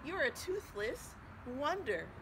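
A woman voicing a patient frog mother in a storybook, gently teasing and scolding, over a noisy background. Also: high-pitched, sing-song, slow pace, pitched above the performer's own voice, full character voice.

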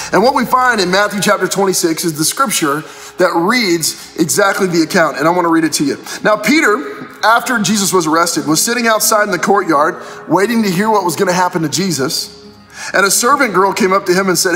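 A high-voiced man gives a casual pastor's devotional, retelling scripture in everyday slang. He speaks fast and expressively with a sharp tone, over faint music and a long hall reverb.

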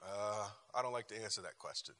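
Bright-voiced man teaching in echoing church. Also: lowish voice, fairly quick. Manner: emphatic, repeats phrases and restarts often. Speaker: teacher of a church relationship class. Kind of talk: lively class talk with personal stories. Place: church meeting room.

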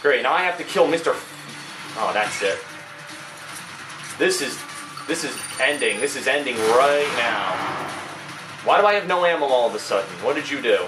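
A man's voice: mid-range voice, lively intonation, moderate pace, long pauses, reverberant, music in the background, low-quality recording. A man giving live commentary on a video game, ranting and swearing in exasperation. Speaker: gamer doing live commentary.

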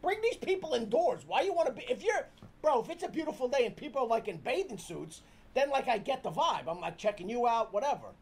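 A middle-aged man, co-hosting a casual reaction stream and ranting loudly with profanity and rapid repeated questions. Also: very high-pitched, big pitch swings, slightly rough. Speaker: streamer's father, co-host.

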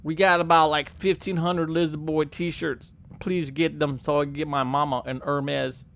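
A man's voice: fairly high pitch, little pitch movement, normal speed, creaky, a bit bright. A man voicing a dim-witted, rambling redneck crayfish farmer, stumbling and boasting as he plays a game. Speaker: gaming YouTuber. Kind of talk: improvised comic character commentary over gameplay.

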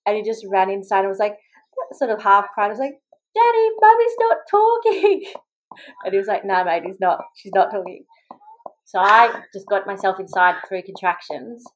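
With a medium pitch and level tone, a young Australian mother chats as a podcast guest, spinning her story quickly with plenty of "like" and performed quotes. The audio is poor.

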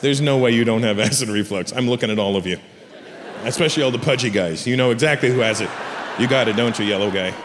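A man's voice: mid-range voice, fast, background noise. A man in his forties doing brash, profane stand-up storytelling to a live audience. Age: 40s. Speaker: stand-up comedian. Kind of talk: stand-up comedy set. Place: theater stage. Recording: live show in a reverberant hall. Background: audience laughter, ambience.

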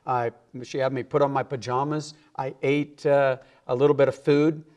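A man's voice: mid-range voice, little pitch movement, normal speed, a little mellow. Earnest man telling his testimony. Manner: earnest storyteller who acts out the quoted voices. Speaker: evangelist guest. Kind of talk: personal testimony in a TV interview.

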